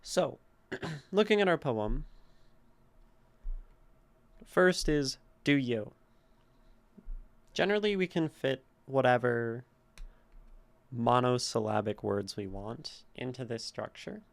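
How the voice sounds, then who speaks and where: Slow gravelly man reading poetry. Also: medium pitch. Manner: explains meter patiently, sounding out syllables. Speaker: streamer critiquing poetry.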